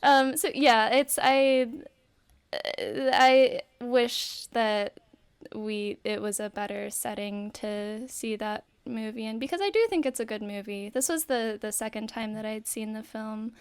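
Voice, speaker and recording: A woman's voice: a little high, measured pace, clean tone. A woman who is a guest on a podcast, telling a story in casual chat. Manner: storytelling, animated.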